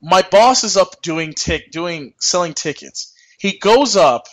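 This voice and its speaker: A man's voice: sits high, animated, slow pace, fairly bright tone, rough recording. A young man co-hosting a podcast, telling a rambling, profane work story and acting out the people in it. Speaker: podcast co-host.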